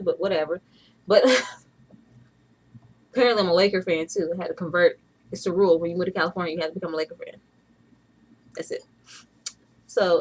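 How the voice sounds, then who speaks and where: A woman's voice: on the low side, breathy edge, low-quality recording. A woman in her thirties from Atlanta, chatting casually and playfully in a home video blog. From Atlanta, USA. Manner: chatty and playful, with bursts of laughter. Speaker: vlogger. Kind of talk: casual vlog chat.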